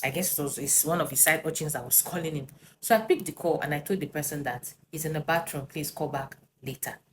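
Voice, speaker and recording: A woman tells a personal story to camera in an animated way, with tag questions and fillers. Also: low-pitched, quick pace, slight background noise.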